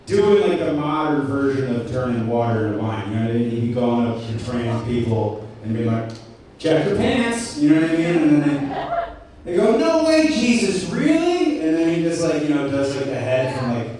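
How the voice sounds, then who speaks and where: A man's voice: medium pitch, a little fast, mellow. Rambling stand-up comic man, echoey room. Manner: rambling, self-deprecating, many ums and restarts. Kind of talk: stand-up set at an open mic. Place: cafe open mic, indoors. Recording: very echoey room, distant mic, faint noise.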